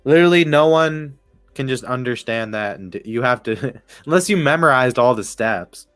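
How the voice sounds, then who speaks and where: A man's voice: medium pitch, lively intonation, moderate pace, a bit bright, no echo, soft background music. A man streaming casual live baseball commentary, rambling, swearing often and laughing as he talks. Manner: rambling, profane, laughs while talking. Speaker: sports streamer.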